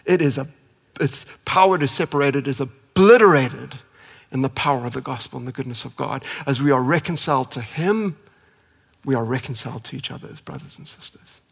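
A man preaching a sermon with impassioned delivery, climbing to emphatic peaks and dropping to soft, quiet passages. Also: mid-range voice, fairly quick, gravelly, husky. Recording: long hall reverb.

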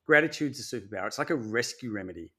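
A man talking as a podcast guest and coach, earnest and motivational, swearing casually in relaxed conversation. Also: fairly low pitch, rapid-fire, breathy edge.

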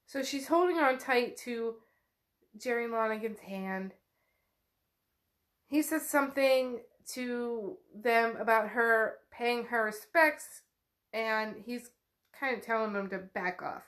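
A woman's voice: fairly high pitch, takes it slowly, a bit bright. A woman casually retelling the chapters of a novel, chatty and loose, swearing freely and saying "like" a lot. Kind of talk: casual book recap.

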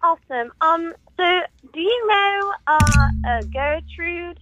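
A woman's voice: extremely high pitch, expressive, slow, highs cut off, heavily acted. A woman playing a polite, patient female corporate phone representative in a comedy call sketch, hesitant and full of ums and uhs. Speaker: caller.

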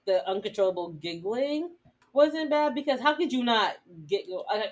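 Animated giggly woman recapping TV. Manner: animated, jumpy pitch, giggly. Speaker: podcast co-host. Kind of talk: casual TV episode recap.

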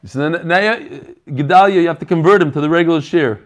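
A man with a fairly quick, somewhat high voice hosts an online learning group on a video call. He chats casually with the members, cracking jokes and greeting people by name.

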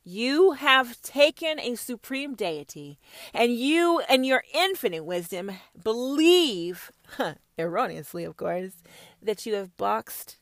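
A woman hosting a profane, confrontational monologue, preaching hard at her listeners and swinging between shouts and hushed whispers. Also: on the high side, sing-song, slow pace, no echo, clean studio sound. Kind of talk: ranting monologue.

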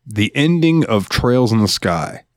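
Podcast co-host, male, lowish voice with a lively swing, relaxed mumbly delivery, dry close mic. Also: measured pace, no room sound. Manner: laid-back, mumbly, fond of quoting movie lines. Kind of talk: casual chat.

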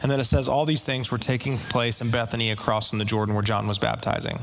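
A man preaching a conversational sermon, retelling scripture in everyday slang with quick asides. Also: medium pitch, sing-song, creaky, slight background noise.

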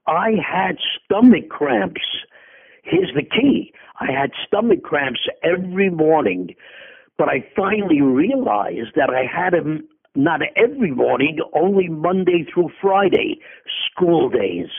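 A man's voice: fairly high pitch, lively intonation, takes it slowly, vocal fry, breathy edge. An older man, a guest in a conversation, telling a long personal story with tangents and self-corrections. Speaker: interview guest. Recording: phone-like, lo-fi line.

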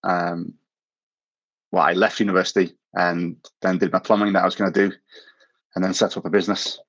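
A man with a lowish voice talks casually as a podcast guest, working his way through long personal anecdotes. He was born in South Africa and tells his stories with a self-mocking streak, often breaking into a chuckle at his own expense. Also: little pitch movement, brisk, fairly bright tone, breathy edge, highs cut off. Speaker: podcast guest, former missionary. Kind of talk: casual anecdotal interview talk.

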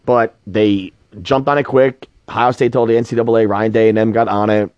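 A man's voice: fairly low pitch, fairly even intonation, fairly quick, darkish tone, smooth, no echo. A middle-aged man hosting a sports podcast in casual chat, blunt and opinionated, swearing freely, on a dull lo-fi recording. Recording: dull lo-fi sound.

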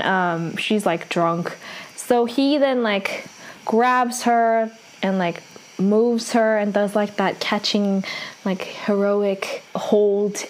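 A young woman recaps a plot in a relaxed, rambling way. Her speech is full of "like" and "um" as she hops from one event to the next. The tone stays easygoing and conversational. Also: mid-range voice, low-quality recording. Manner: chatty, fills every pause with "like" and "um". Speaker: drama recapper. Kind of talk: casual story recap.

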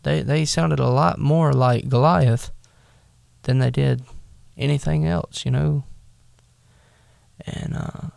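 A man leads a casual bible lesson in unhurried, halting speech. He fills his pauses with ums and uhs. His voice is deeply gravelly and sounds dry, right up on the mic. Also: steady tone, a little mellow, no echo. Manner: casual, halting, with many fillers. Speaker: bible study teacher. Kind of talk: bible lesson, retelling scripture.

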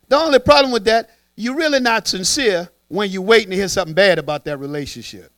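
Animated, high-voiced man preaching a sermon. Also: quick pace, few pauses, no room sound. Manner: animated, conversational, acts out voices. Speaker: pastor.

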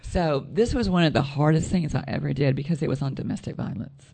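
A woman telling a personal story in casual chat, soft-voiced, rambling and correcting herself as she goes. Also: low-pitched, brisk, gravelly. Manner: rambling, self-correcting storyteller with frequent laughs.

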